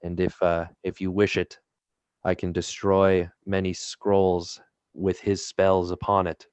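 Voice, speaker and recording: A man voicing a solemn, formal male sorcerer who speaks deliberately. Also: deep voice, flat delivery, a little mellow, smooth, no room sound.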